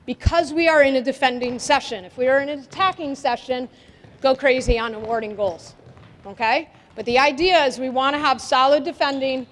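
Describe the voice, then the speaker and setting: A woman soccer coach with a high voice leads players through a defending drill, calling out instructions and asking them questions. Her energetic voice rings with the long reverb of an indoor gym hall. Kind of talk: coaching clinic demonstration.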